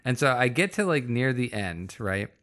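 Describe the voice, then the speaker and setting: A man's voice: medium pitch, big pitch swings, normal speed, fairly bright tone. A man co-hosting a casual chat, telling a story animatedly and acting out his own quotes. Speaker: podcast co-host.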